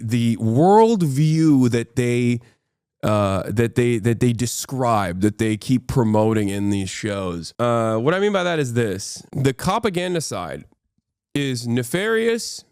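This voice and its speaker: Man streaming, casual sarcastic commentary, swears a lot, mid-pitched, dry close sound. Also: darkish tone, clean tone, no room sound. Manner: opinionated, sarcastic, swears freely.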